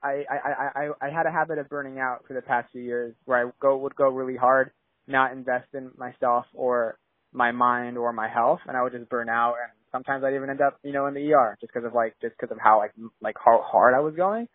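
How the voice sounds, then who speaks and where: A man's voice: medium pitch, fairly even intonation, fairly quick, no echo. A young man from San Diego, a filmmaker guest, talking casually and rambling with lots of "like" and restarts. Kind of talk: casual interview chat. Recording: tinny phone-like line.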